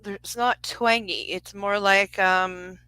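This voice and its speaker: A woman in her forties talks a caller through a live psychic reading. She rambles, restarts her sentences and fills the gaps with "like" and "um". Her voice is bright and forward, and the recording is dry and close. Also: mid-range voice, steady tone, slow, clear, resonant tone, no room sound, rough recording. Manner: rambling, self-interrupting, lots of fillers. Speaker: psychic reader. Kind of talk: live reading on a phone call.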